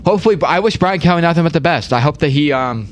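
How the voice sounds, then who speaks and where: A man's voice: on the high side, expressive, quick pace, a little hiss or hum. A young man hosting a casual sports chat, rambling, repeating words and saying "like" a lot. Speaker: podcast host.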